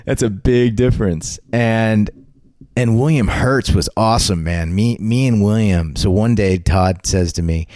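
Interview guest, man, low voice, rambles and restarts, dead-dry recording. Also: a little slow, a little mellow, no room sound. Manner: rambling, frequent restarts and repeated words. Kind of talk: casual anecdotal storytelling.

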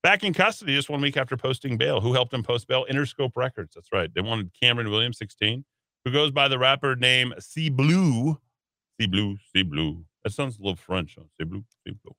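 A man's voice: medium pitch, lively intonation, fairly quick, bright, forceful tone, no echo. A man hosting a talk radio show, reading news items and adding sarcastic asides in a casual way. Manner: reads headlines then adds sarcastic asides.

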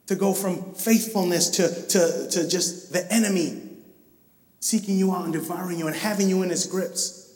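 High-voiced preacher in an echoey hall. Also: male voice, moderate pace. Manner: animated storytelling, acting out scenes. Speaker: pastor. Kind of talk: sermon. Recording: echoey hall, mic far off.

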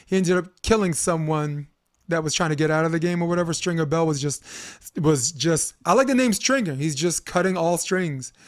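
A man's voice: fairly high pitch, a little fast, no echo. Chatty podcast host man, dry close sound. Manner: rambling, animated storyteller who swears freely. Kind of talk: casual chat.

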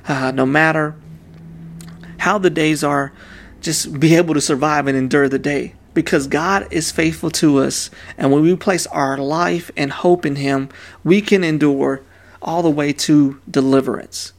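A man's voice: on the high side, fairly even intonation, a little slow. A man in his thirties preaching a sermon in a casual, conversational way, dropping slang asides to the congregation. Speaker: pastor.

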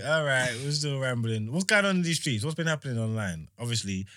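London-accented male podcast co-host, bright and animated, close dry mic. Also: mid-range voice, a little fast, no echo. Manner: animated, laughing, slangy. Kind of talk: casual chat, storytelling.

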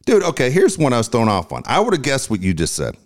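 A man's voice: mid-range voice, huge pitch swings, fast. A man co-hosting a casual podcast, telling rambling, profane stories. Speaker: co-host.

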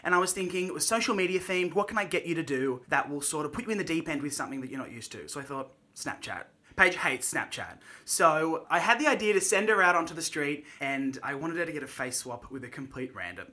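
A man's voice: on the high side, lively intonation, fast talker, hardly any pauses, bright, forceful tone. A man with an Australian accent co-hosting a podcast, joking and bantering in casual chat. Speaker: podcast co-host.

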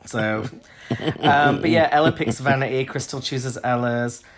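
A man's voice: medium pitch, measured pace, noisy background. A man co-hosting a podcast, chatting casually and gossiping about a TV show with sarcastic asides. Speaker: podcast co-host. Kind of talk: casual chat reviewing a TV show.

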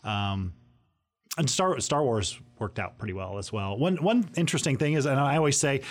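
Rambling middle-aged man, mid-pitched voice. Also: animated, normal speed. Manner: rambling, self-deprecating, chuckles often. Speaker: podcast co-host and player. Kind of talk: casual podcast chat.

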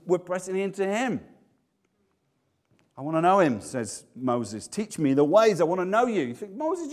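A man preaching a sermon, animated, swinging from loud exclamations to hushed tones. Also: medium pitch.

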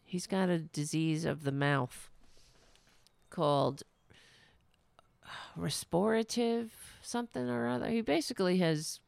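Slow, gravelly low-voiced woman host. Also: no echo. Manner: coaxing her cat in a soft high voice, then upbeat sign-off. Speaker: podcast host. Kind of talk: casual livestream sign-off.

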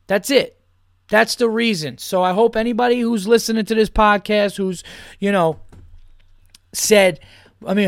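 A man's voice: high voice, normal speed, no room sound, clean studio sound. A man hosting a podcast, ranting about football in a heated, profane way and repeating his points. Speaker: podcast host. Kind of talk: opinionated sports rant.

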